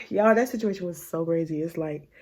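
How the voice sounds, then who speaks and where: A woman in her twenties telling a story to camera in a sassy, animated way, often sighing and laughing and sometimes dropping into a hushed aside. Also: on the low side, measured pace, noisy background. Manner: drops to a hushed aside at times.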